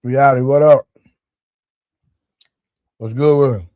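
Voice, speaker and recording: A man's voice: mid-range voice, fairly even intonation, takes it slowly, dark tone, no room sound. A man hosting a casual live stream, joking loosely and greeting his viewers by name. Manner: loose, joking, talks straight to his chat. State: sore leg, eating during the stream. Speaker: livestream show host.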